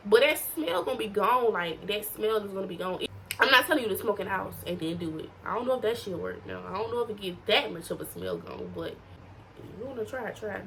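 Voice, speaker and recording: A woman's voice: on the high side, fairly bright tone, a little hiss or hum, rough recording. A teenage girl giving casual, profane tips to her viewers in a blunt, slangy way. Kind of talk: casual to-camera advice.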